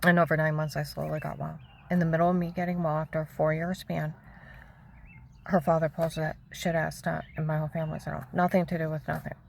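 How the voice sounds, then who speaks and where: A woman's voice: sits low, little pitch movement, fast talker, creaky, a little mellow, a little hiss or hum, low-quality recording. A woman giving a rambling personal account, agitated and jumping between events, sometimes dropping into a whisper.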